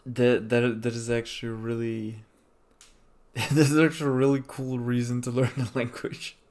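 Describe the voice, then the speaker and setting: A man's voice: medium pitch, flat delivery, normal speed, a little mellow. A man in casual podcast chat, explaining things plainly and swearing now and then.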